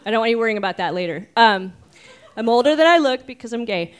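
A woman's voice: a little high, animated, fast talker, a little hiss or hum. A woman in her forties from Oregon telling a personal story live on stage, chatty and self-mocking, with many ums. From Oregon, United States. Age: 40s.

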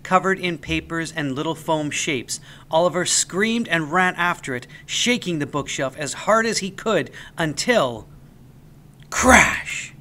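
A man reading a children's story aloud as the storyteller, with an expressive, animated delivery. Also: a little high, a little slow, hardly any pauses.

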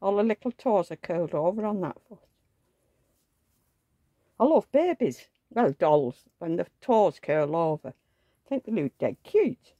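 A woman's voice: lowish voice, very animated, measured pace, pauses often, dark tone, no echo, lo-fi sound. A woman vlogger in casual chat at home, rambling along and cooing at the dolls she dresses. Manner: rambling, chatty, coos at dolls.

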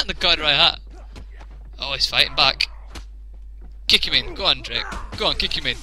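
A man's voice: fairly high pitch, animated, normal speed, soft background music. Jokey young Englishman narrating gameplay. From England. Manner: jokey, laughs often, reacts loudly. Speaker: let's play commentator. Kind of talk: casual gameplay commentary.

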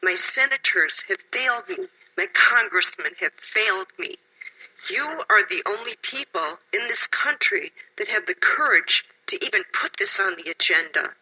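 A woman's voice: mid-range voice, lively intonation, moderate pace, pushed and bright, slightly rough, low-quality recording. A woman from Wisconsin giving emotional, insistent public testimony at a hearing, sounding tired.

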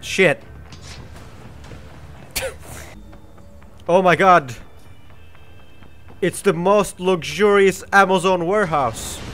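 A male streamer with a cold gives live gameplay commentary, joking giddily and swearing often. His voice sits high for a man and he talks at an unhurried pace. Faint music plays behind him. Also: fairly bright tone. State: has a cold.

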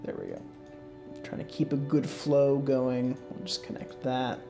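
A man hosting a casual let's-play, talking through his moves in a relaxed, rambling way with lots of fillers and restarts, yawning and sleepy. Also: medium pitch, unhurried, creaky. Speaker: gaming channel host. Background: faint game music.

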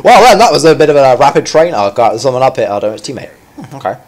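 A man's voice: medium pitch, very animated, fast, a little hiss or hum. A man giving live commentary over his own gameplay. He chats in a self-mocking way, then yelps and squeals at sudden moments. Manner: chatty and self-mocking between fights.

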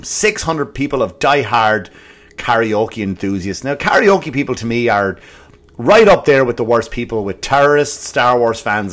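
Profane Irish man ranting comic stories. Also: mid-range voice. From Ireland. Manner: profane, ranting, swings between loud bursts and muttered asides. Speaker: comedy podcast host. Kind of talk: comic storytelling rant.

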